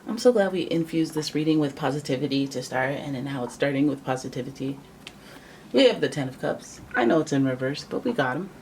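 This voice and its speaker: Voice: mid-range voice, brisk, darkish tone. A tarot reader from Canada, giving a casual, joking reading to camera and thinking aloud. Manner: chatty, joking, thinks aloud and corrects itself. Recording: voice a little far from the mic, faint background noise.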